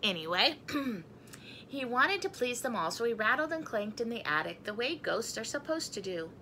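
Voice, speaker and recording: A woman's voice: a little high, big pitch swings, normal speed, sharp tone, a little hiss or hum. A woman reading a picture book aloud in a chatty manner. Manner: chatty, breaks off to talk to her cat and laugh. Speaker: storybook reader.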